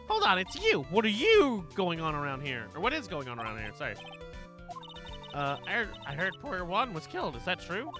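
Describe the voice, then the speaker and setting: A streamer voicing a nosy, loud elderly woman who scolds young people, over game music. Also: mid-range voice, wildly swooping pitch. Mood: indignant. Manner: loud, scolding, talks fast. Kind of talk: voice acting a video game live.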